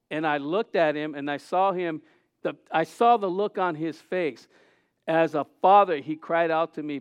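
A middle-aged man preaching a sermon as pastor, earnest with halting restarts, rising to loud cries. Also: sits high, clear, resonant tone, no echo.

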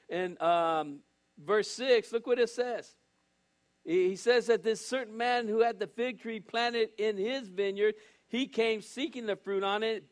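An older man preaching a sermon as pastor, earnest and direct with the congregation, often restarting and repeating his phrases. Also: high-pitched.

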